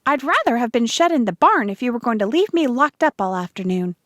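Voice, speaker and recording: A woman reading aloud, voicing a brisk farm mother who turns hoarse with a cold, in a high, lively voice. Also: dry recording, clean studio sound. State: hoarse and croaking when sick. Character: worried farm wife, mother, turning hoarse.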